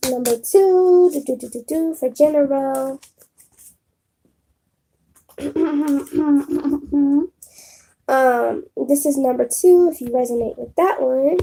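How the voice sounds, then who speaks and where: A woman's voice: high voice, slow, vocal fry, pauses often, dark tone. A woman doing a casual live stream on her phone, talking bluntly and with profanity straight to her chat. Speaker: live streamer giving readings.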